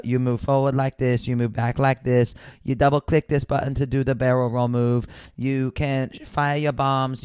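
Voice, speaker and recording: A man voicing a female booth attendant with a put-on Scandinavian accent, who talks in a flat, rehearsed spiel and then eagerly nags the player. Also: mid-range voice, clean tone, dry recording, close to an everyday voice. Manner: monotone spiel, then pushy jabbering.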